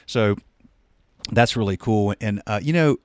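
A man with a fairly low voice is interviewing a guest in a casual talk. He encourages him with short replies and asks follow-up questions. The sound is dry and close. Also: measured pace, clear, resonant tone, dry recording.

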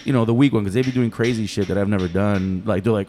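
A man talking casually on a podcast, telling stories in a fast, animated, profane way. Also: medium pitch, slight background noise. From United States.

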